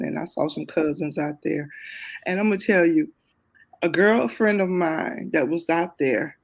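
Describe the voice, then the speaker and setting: A middle-aged woman, a guest on a talk show, telling a personal story in a lively, expressive way with casual Southern phrasing. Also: low-pitched, creaky. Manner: lively, expressive, quick to laugh at herself.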